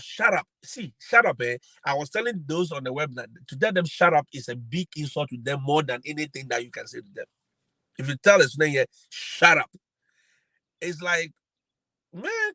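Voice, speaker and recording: A man's voice: medium pitch, sharp tone, no echo, poor audio. A man hosting a live-stream advice talk. He is preachy and emphatic and repeats his phrases. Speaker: host giving advice to teachers.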